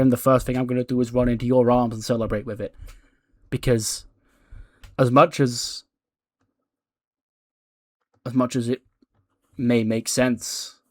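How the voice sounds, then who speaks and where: A man's voice: mid-range voice, dry recording, close to an everyday voice. A man voicing an earnest male wrestler talking to his friend.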